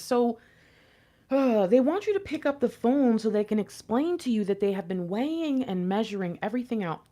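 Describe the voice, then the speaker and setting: Woman, tarot reader, talks to viewers directly, excitable, conversational, slightly high pitch. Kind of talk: tarot reading to camera.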